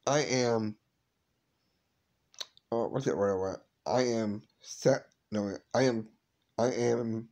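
A man talks to his viewers in a slow, drawn-out way, stumbling and starting his sentences over. His voice sits at an ordinary middle pitch, and he sounds earnest and a little shaken. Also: a little mellow. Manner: halting, repeats and restarts words, grieving. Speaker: vlog host. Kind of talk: emotional personal vlog.

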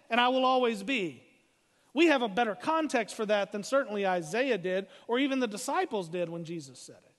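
A man preaches from the pulpit in a high, ringing voice. He leans hard into his points and slows down to read the scripture. The sound carries the long reverb of a church sanctuary. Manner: emphatic preaching, slowing for scripture readings. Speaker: pastor. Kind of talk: sermon.

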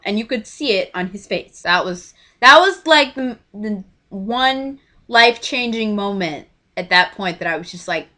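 A woman in her twenties telling a story in a casual vlog, animated and emotional as she acts out quoted lines. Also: mid-range voice, a little slow, hardly any pauses. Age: 20s. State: choked up. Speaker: vlogger.

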